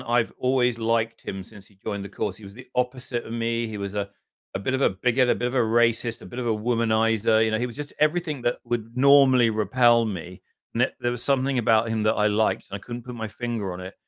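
A middle-aged man from southern England with an English accent, a podcast guest telling long, self-deprecating anecdotes in casual conversation and often clearing his throat. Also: mid-range voice, a little fast, fairly bright tone, dry recording, studio quality. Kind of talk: casual interview storytelling.

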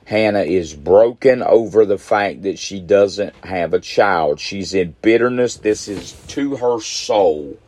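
A man's voice: deep voice, slow, few pauses, darkish tone. A middle-aged man preaching a midweek sermon, emphatic and repeating phrases for stress.

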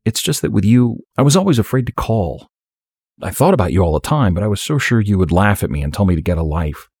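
A man's voice: lowish voice, sing-song, quick pace, darkish tone, breathy edge, no echo, studio quality, pitched above the performer's own voice, exaggerated voice. A narrator voicing a hesitant man in his twenties. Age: 20s. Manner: hesitant, stammering. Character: nervous 27-year-old man, evasive. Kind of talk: audiobook reading.

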